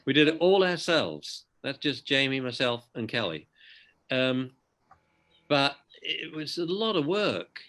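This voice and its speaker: A man's voice: medium pitch, sing-song, measured pace, fairly bright tone. A man, a dog trainer guest on a video call, telling anecdotes casually and often adding "you know".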